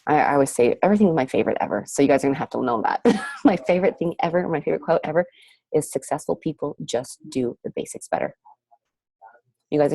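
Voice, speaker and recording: A woman's voice: sits low, dark tone, husky, dry recording. A woman leading a team of fitness coaches on a video call, giving a gushing motivational talk full of exclamations and repeated phrases.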